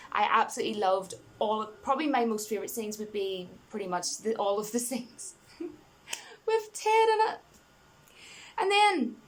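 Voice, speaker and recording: A woman giving a casual, rambling film review, enthusiastic and laughing between points, full of "you know" and restarts. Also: medium pitch.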